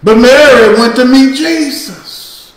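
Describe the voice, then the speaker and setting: High-voiced slow-preaching man in echoey church. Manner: slow, preaching cadence, rising to shouts. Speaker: pastor. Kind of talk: sermon. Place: church sanctuary.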